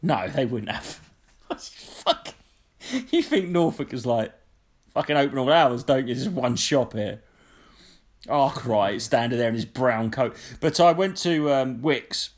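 A man's voice: mid-range voice, lively intonation, a little slow. A man telling a long, sweary, indignant story in casual chat. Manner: sweary, indignant, mimics people in his stories.

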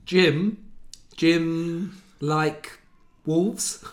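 A man's voice: on the high side, steady tone, extremely slow. A man co-hosting a casual comedy chat, teasing his friend with dry questions. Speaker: podcast co-host, comedian.

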